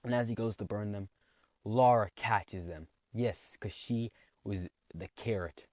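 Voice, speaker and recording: A man's voice: fairly low pitch, measured pace, a little mellow, no echo. A man giving a rambling comedic recap of a cartoon plot, full of snarky asides. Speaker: video narrator.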